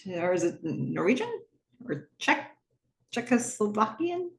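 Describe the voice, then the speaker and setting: A woman's voice: medium pitch, very animated, a little slow, creaky, echoey room. A woman voicing a nervous, chatty middle-aged man who keeps rambling to his doctor. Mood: nervous chatter.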